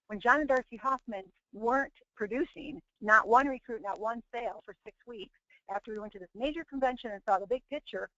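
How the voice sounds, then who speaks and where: Middle-aged woman, webinar host, earnest and preachy, higher voice, muffled dry recording. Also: brisk, fairly bright tone, dry recording. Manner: earnest, preachy, many restarts. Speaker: webinar host and team leader. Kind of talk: motivational webinar talk. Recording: dull, dry lo-fi webinar audio.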